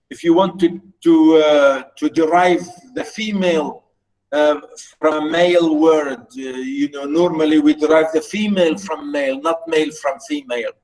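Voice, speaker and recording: This is a middle-aged man lecturing on a novel in an online class. His first language is Arabic, and his voice sits slightly high for a man. He stumbles through fillers and repeats words as he explains. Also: a little mellow, poor audio. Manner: halting, many fillers and repeats. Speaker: literature lecturer.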